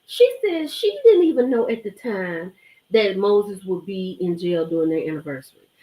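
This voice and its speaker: Animated gossiping woman, roomy echo. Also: mid-range voice, normal speed. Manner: animated, emphatic, chatty, greets viewers. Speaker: live stream host reviewing a reality show. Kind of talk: gossipy live stream commentary.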